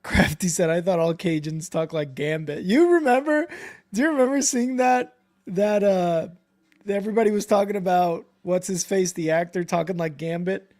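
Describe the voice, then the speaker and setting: High-voiced laughing man. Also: lively intonation, normal speed, a little mellow. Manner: laughs easily, swears casually. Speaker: co-host of a football live stream. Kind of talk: casual chat.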